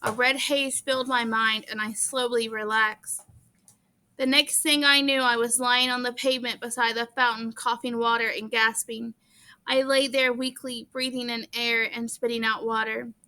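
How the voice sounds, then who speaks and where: Bright-voiced woman reading a novel. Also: fairly high pitch, little pitch movement, normal speed. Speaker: audiobook reader. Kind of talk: reading a novel aloud in first person.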